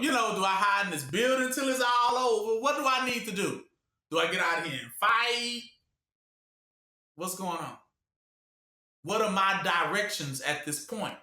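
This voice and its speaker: A man's voice: sits high, bright, forceful tone. A man preaching a call-and-response sermon, asking the room to finish his sentences and acting out voices. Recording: echoey room.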